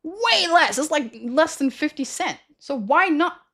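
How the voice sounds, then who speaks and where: A woman's voice: high-pitched, animated, unhurried, fairly bright tone. A young adult woman livestreamer telling stories to her chat in a rambling, slangy way, often correcting herself mid-sentence. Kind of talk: casual storytelling to stream chat.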